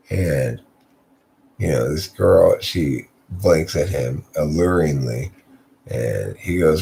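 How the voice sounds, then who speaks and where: A man's voice: a bass voice, expressive, slow, creaky, dark tone, slight background noise. A man telling an improvised story in a drowsy, meandering way, losing his thread.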